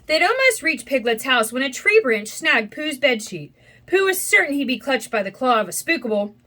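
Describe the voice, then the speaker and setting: A woman reading a children's storybook aloud in an expressive, animated way. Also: high voice, normal speed. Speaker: storybook reader. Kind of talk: children's read-aloud narration.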